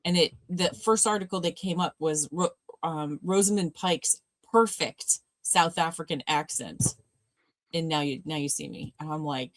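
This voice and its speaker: Chatting loosely during a livestreamed movie watch party she co-hosts, a woman speaks in a low voice at a moderate pace, often laughing and leaving thoughts unfinished. The audio has no echo.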